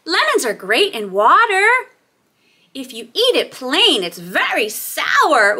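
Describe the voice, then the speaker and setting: A woman hosting a toddler phonics lesson, drawing out letter sounds in a slow, sing-song way. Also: high voice, huge pitch swings, sharp tone. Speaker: children's teacher and host.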